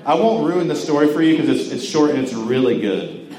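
A man's voice: on the high side, lively intonation, brisk, crowd noise. A young man from Georgia preaching a casual sermon, conversational and joking, with lots of filler words. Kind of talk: casual sermon to a campus crowd. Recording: echoey hall with faint ambience.

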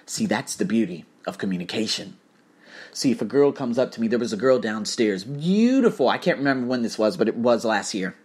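Guy running his podcast, swears a lot, preachy, husky voice that jumps all over. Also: fairly low pitch, brisk. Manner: animated, profane, preachy storytelling. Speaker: podcast host. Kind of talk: casual motivational podcast monologue.

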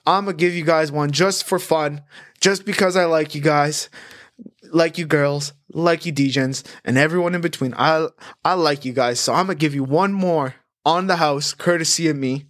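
A man hosting a sports betting podcast in a chatty, animated way, rattling off stats and odds. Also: on the high side, normal speed, dry recording, clean studio sound. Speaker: host.

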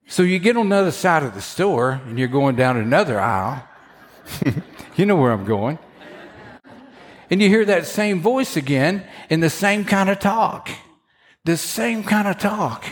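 A man preaching a sermon, telling a story with lively asides, acting out the voices of the people in it, and often repeating words as he starts a sentence. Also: on the high side, measured pace, pauses often. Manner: animated storytelling, acts out quoted voices. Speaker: pastor.

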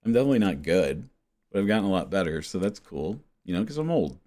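Lively, rambling podcast guy. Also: deep voice, quick pace. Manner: meandering, swears, self-mocking with chuckles. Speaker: podcast host. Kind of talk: rambling casual monologue.

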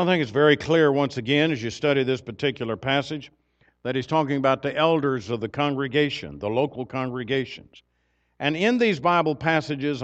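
A male preacher giving a sermon in a measured, deliberate way with long pauses. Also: medium pitch, lo-fi sound.

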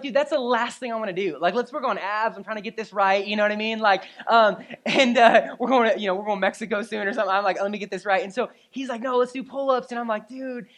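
A woman preaching a sermon, telling an animated personal story with frequent "right?" and "you know?" asides to the congregation. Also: medium pitch.

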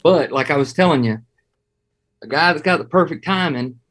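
A man from Georgia with a Southern accent, telling hunting stories in a folksy, animated way during a casual interview. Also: on the high side, moderate pace, slightly rough. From Georgia, USA. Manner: folksy, animated, chuckles as he talks. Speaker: hunting guest.

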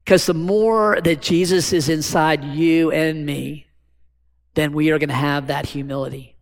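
A man's voice: fairly high pitch, fairly even intonation, unhurried, gravelly. A man preaching a sermon as pastor, talking conversationally and asking the congregation rhetorical questions. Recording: long hall reverb.

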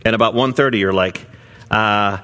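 A middle-aged man, a pastor, preaching a sermon in a relaxed conversational way, with many fillers and restarts as he tells a story. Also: medium pitch, normal speed.

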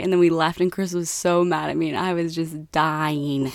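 A young American woman in casual chat, telling a story with lots of laughter and animated quoting. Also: lowish voice, moderate pace, dry recording, studio quality. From United States. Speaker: co-host.

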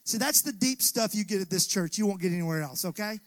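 Preaching in a church sanctuary, this man leads the congregation in call-and-response as their pastor. He talks fast in a high, expressive voice, with no room sound.

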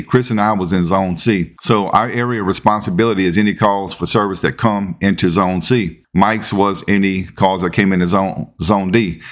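A man, telling a story as podcast host in a relaxed, conversational way. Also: lowish voice. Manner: laid-back, conversational, repeats words when building up. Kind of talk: casual storytelling.

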